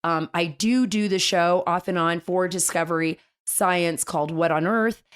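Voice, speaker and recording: A woman's voice: fairly low pitch, normal speed, clear, resonant tone. A woman hosting a political talk show, speaking in an enthusiastic, chatty way with frequent restarts. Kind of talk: casual political radio commentary.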